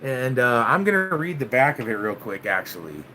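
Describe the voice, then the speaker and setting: Casual male host, laid-back and profane, bright tense tone, light background hiss. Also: medium pitch, sing-song, normal speed. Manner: laid-back, swears, keeps saying "man". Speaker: channel host. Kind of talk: casual vlog chat with live viewers.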